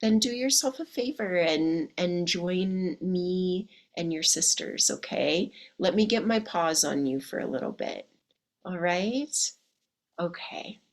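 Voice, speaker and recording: A woman in her thirties coaching listeners in a chatty podcast monologue, her voice slightly hoarse from illness. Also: fairly low pitch, expressive, measured pace. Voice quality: husky. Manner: chatty, calls listeners "my darlings" and "ladies". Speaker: dating coach. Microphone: podcast microphone.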